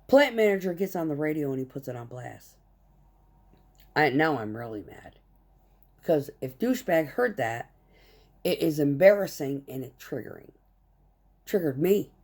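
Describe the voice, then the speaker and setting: A woman's voice: deep voice, lively intonation, moderate pace, long pauses, darkish tone. A woman truck driver telling a heated, profane story about a work conflict in short clipped phrases. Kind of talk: casual storytelling rant.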